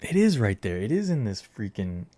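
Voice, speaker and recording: A man's voice: lowish voice, very animated, normal speed, warm tone, no room sound. A man hosting a casual livestream, rambling and joking at himself as he chats with viewers. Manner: rambling, self-mocking, talks to viewers while searching. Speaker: livestream host.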